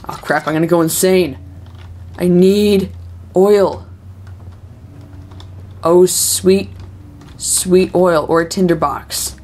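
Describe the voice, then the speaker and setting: A woman's voice: fairly low pitch, fairly even intonation, slow pace, long pauses, mellow. A young woman doing nervous, self-talking commentary while playing a horror game. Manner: nervous, talks to herself and the game. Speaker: gamer.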